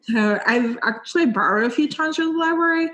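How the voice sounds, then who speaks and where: A woman's voice: high-pitched, brisk. A woman hosting a book podcast, chatting casually and acting out quoted reactions. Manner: animated, acts out quoted reactions. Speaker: podcast host. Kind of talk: casual chat.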